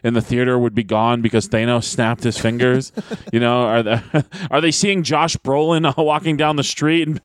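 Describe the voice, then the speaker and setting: A man's voice: medium pitch, steady tone, moderate pace, no echo, clean studio sound. A man co-hosting a wrestling podcast, talking casually and swearing freely, mocking people with exaggerated voices. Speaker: podcast co-host and pro wrestler.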